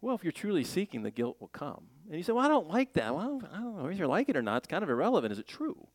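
A man preaching a sermon in a lively, joking way, slipping into playful voices as he makes his points. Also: a little high, very fast, dry recording. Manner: animated, jokey preaching with playful voices and laughs. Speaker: pastor.

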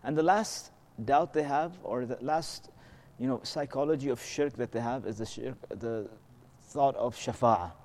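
Speaking at a measured pace with few pauses, a man with a medium-pitched, slightly mellow voice leads a conversational religious lesson. He patiently explains, asks rhetorical questions, checks in with listeners and moves into melodic Arabic recitation of verses.

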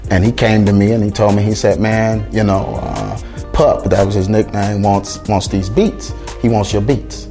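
A man's voice: fairly low pitch, moderate pace. A middle-aged man, a music producer, telling his story in conversation and acting out the voices of the people he quotes. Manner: lively retelling that acts out quoted dialogue.

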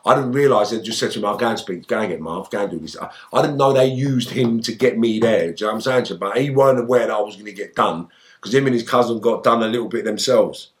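The former gangster being interviewed here has a fairly low voice and a quick pace. Casual and animated, he fills his stories with heavy swearing and shouts out the outbursts he once had.

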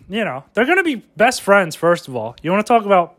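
High-voiced excitable comedian man. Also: a little fast, few pauses. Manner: excitable, riffing, profane. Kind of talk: profane comedic rant.

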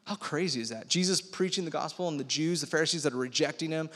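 Energetic young male youth pastor preaching. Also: a little high, a little fast, few pauses. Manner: energetic, slangy, animated storytelling. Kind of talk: casual youth sermon. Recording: long reverb of a large hall.

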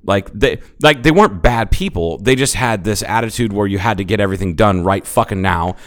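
A man's voice: fairly low pitch, a little fast. A man co-hosting a podcast in crude, joking casual chat while chewing gum. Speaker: podcast co-host.

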